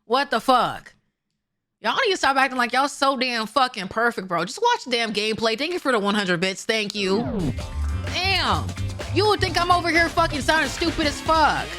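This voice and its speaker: A woman's voice: sits high, normal speed. Profane ranting woman streamer. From Seattle, USA. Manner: blunt, profane, animated ranting. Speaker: game streamer. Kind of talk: live gameplay commentary. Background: game music.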